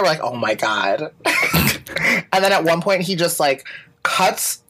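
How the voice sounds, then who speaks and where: A podcast co-host in casual chat, telling stories in an animated, teasing way. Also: medium pitch, moderate pace, noisy background. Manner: animated storytelling, playful teasing.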